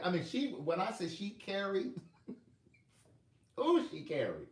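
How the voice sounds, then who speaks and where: Animated storytelling man in an echoey room. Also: high voice, takes it slowly, long pauses. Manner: animated, laughing, acting out quotes. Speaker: author. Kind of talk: storytelling monologue. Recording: roomy echo.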